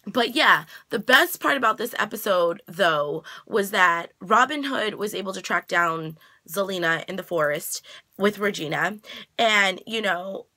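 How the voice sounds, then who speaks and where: A woman's voice: mid-range voice, animated, measured pace, pushed and bright. A woman vlogger recapping a TV episode in a chatty, casual way with slangy asides.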